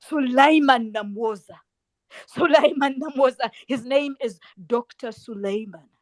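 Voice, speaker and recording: A Ugandan woman activist giving an impassioned speech to students, emphatic and repeating words for force, swinging between hushed and loud delivery. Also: sits high, unhurried, no echo, low-quality recording.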